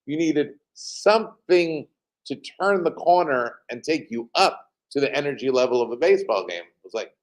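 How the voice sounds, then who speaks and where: A team president, speaking as a guest on a remote interview, shares lively stories, his delivery broken by frequent pauses and fillers. His voice runs a little high.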